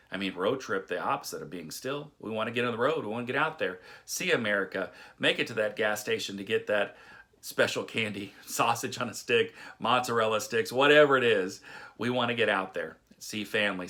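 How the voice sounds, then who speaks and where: A man's voice: on the low side, sharp tone. A middle-aged man from Texas giving a casual devotional talk, telling folksy stories with chuckles and restarts. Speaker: devotional speaker.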